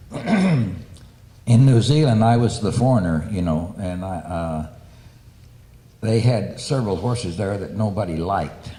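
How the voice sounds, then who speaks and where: A man with a very deep, dark voice tells a plain, matter-of-fact story about training stunt horses. He sounds like he is in an echoey room. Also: lively intonation, slow pace, long pauses. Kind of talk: casual anecdote telling.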